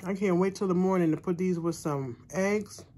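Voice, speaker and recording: A woman's voice: on the low side, moderate pace, warm tone. A middle-aged woman, chatting casually in an eating vlog and savoring her food with hums between bites. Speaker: mukbang vlogger.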